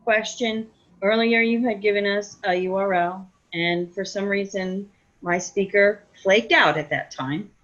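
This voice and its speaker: A woman's voice: mid-range voice, steady tone, measured pace, a bit bright. A woman attending a webinar, asking a question politely and carefully. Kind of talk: online Q&A. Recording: dull lo-fi call audio.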